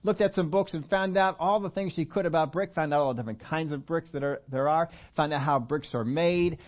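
Guy preaching, chatty story, asks the crowd stuff, kinda higher voice, muffled old recording. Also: a little fast. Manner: chatty, quizzes the audience, frequent restarts. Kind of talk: storytelling sermon. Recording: dull lo-fi recording.

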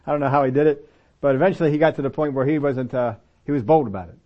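A man preaching a sermon in a conversational, lively way, acting out small exchanges as he goes. His voice sits at an ordinary middle pitch. The recording is dull and lo-fi. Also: fast. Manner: animated, acts out dialogue voices.

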